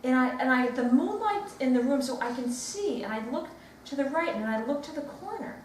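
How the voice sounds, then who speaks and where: A woman giving a dramatic storytelling speech at a speaking club, swinging between hushed whispers and loud outbursts. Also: high-pitched, lively intonation, a little fast. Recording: very echoey room, distant mic, faint noise.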